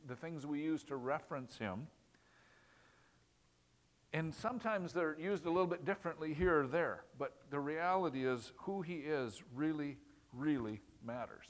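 A man giving a teaching sermon in a slightly higher voice. He talks in a plain, conversational way, asks his listeners questions and doubles back on phrases for emphasis. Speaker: pastor.

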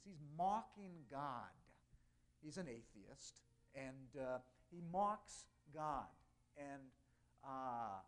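A male pastor giving a conversational sermon, speaking plainly with many hesitations and slowing down to read scripture aloud. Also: medium pitch.

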